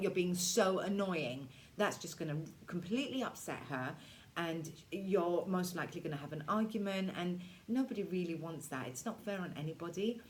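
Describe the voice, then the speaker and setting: A woman in her forties leading a casual self-care workshop for teens, chatty and reassuring, slipping into quick voices to act out moods. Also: low-pitched, slight background noise. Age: 40s. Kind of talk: casual teaching talk to teens.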